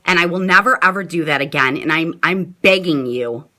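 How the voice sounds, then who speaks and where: A middle-aged woman chatting casually with her viewers on a live stream, gushing and excitable, often addressing them as "you guys". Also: on the low side, normal speed.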